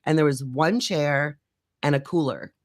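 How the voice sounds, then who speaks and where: A woman's voice: low-pitched, measured pace, dry recording, clean studio sound. A woman who works as a rock radio DJ, chatting as a guest in a bubbly, storytelling way. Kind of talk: casual radio interview chat.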